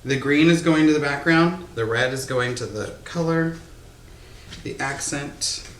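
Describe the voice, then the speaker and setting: A quilting teacher hosts a casual tutorial from an indoor sewing room, his slightly high voice unhurried and captured by a microphone close to his face. The sound is roomy with a little hiss or hum, and he chats self-deprecatingly, talking through each step with fillers as he works with his hands.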